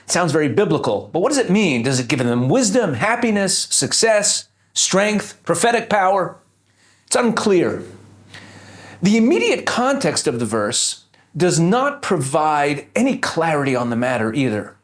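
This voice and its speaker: A man's voice: fairly high pitch, sing-song, normal speed. A man teaching scripture, explaining each point step by step and posing rhetorical questions to his audience. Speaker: Bible teacher.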